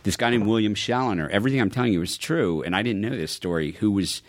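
A man guest in a casual interview, telling stories in a lively way and voicing quotes in a higher tone. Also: fast. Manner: animated storyteller, acts out quotes in a higher voice. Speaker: film producer guest.

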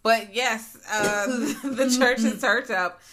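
A woman's voice: a little high, fairly even intonation, slow, a loud crowd. A woman co-hosting a casual chat about a series, blunt and emphatic with frequent profanity. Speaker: podcast co-host.

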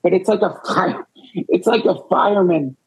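A man's voice: high voice, normal speed, husky, poor audio. A man on a retreat panel, talking in a rambling way with self-deprecating humor. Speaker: podcast host.

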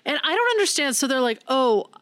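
Woman podcast cohost rambling and swearing about a movie, smooth voice. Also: mid-range voice, expressive, moderate pace, fairly bright tone, no room sound, clean studio sound. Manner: rambling, profane, mocks bad accents. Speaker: podcast co-host. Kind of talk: casual film review chat.

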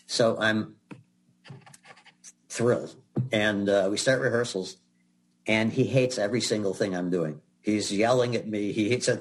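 A man's voice: lowish voice, moderate pace. An older man, a guest actor, telling chatty anecdotes in an interview with laughs and restarts. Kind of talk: storytelling in an interview.

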